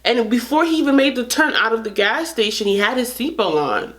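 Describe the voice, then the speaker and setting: A woman's voice: fairly high pitch, expressive, fairly quick, a bit bright. Earnest woman vlogger telling a story. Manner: earnest, frustrated, restarts sentences often. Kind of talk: casual storytelling to camera.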